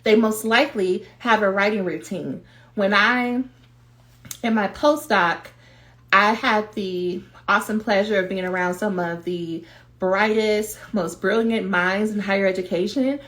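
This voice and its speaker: A woman giving a livestreamed coaching talk to doctoral students, direct and animated. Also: mid-range voice, measured pace. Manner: animated, direct, acts out quoted voices. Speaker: dissertation coach.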